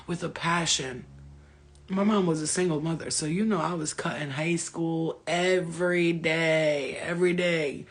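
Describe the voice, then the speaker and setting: A woman with a gravelly, fry-edged voice speaking straight to camera in a casual monologue. She is blunt and candid, swearing freely and chatting like she's talking to a friend. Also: lowish voice, normal speed. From Albanian family background. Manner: blunt, profane, candid storyteller. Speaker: vlogger.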